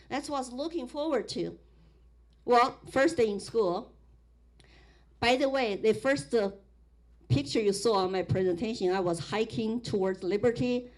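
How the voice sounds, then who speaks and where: A middle-aged woman from Sichuan with a Chinese accent, telling her life story in a public talk, animated, with frequent restarts. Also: a little high. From Sichuan, China. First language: Mandarin Chinese.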